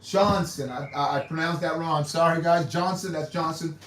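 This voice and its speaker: A man's voice: on the high side, flat delivery, fairly quick, fairly bright tone. A man hosting a casual livestream, rambling and repeating himself with hesitant restarts. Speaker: livestream host. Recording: echoey room, mic far off.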